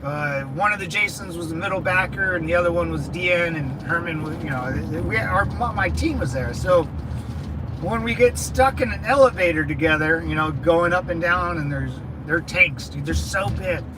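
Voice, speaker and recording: A veteran channel host in his thirties tells loose stories to his viewers, laughing often and constantly saying "dude" and "man." His voice is a little high and his pace normal, with a noisy background.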